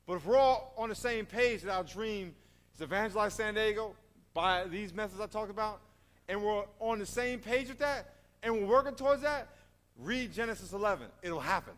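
Man, pastor, animated sermon, rhetorical questions, reverberant hall. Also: high voice, normal speed.

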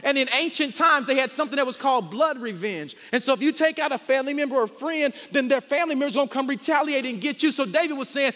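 A male guest pastor with a high, bright voice preaches with strong emphasis, drawing out key words for weight. The sermon rings through a large church hall, and a long reverb trails each line. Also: quick pace, few pauses, some chatter behind. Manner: emphatic, stretches words out to make a point.

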